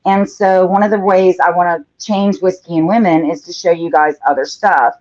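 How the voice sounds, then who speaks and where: A woman's voice: fairly low pitch, steady tone, normal speed, darkish tone. Chatty woman hosting a painting livestream. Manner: chatty, reads out viewer comments as she works. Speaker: host of a live painting show. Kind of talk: casual livestream chat while painting. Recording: dull lo-fi livestream audio.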